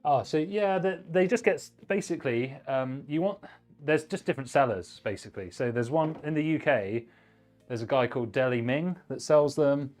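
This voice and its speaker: A man's voice: mid-range voice, normal speed, darkish tone, soft background music. A man hosting a live stream, chatting casually and giving blunt hardware advice while he works on a build. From United Kingdom. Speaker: livestream host, PC builder.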